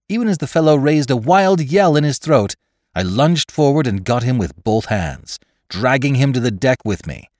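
A man reading a classic adventure story aloud as scripted narration, in a measured, expressive way. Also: medium pitch, dry recording, studio quality. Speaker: audiobook reader.

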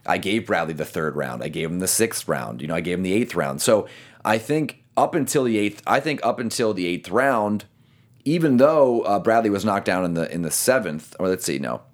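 A man co-hosting a talk show, casually recapping a boxing match round by round and talking through his scorecard with quick restarts. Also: deep voice, lively intonation. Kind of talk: casual fight recap chat.

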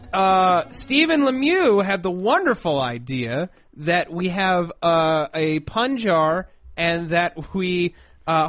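High-voiced playful male podcast host. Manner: playful, jokey, quick and excitable. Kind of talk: casual chat.

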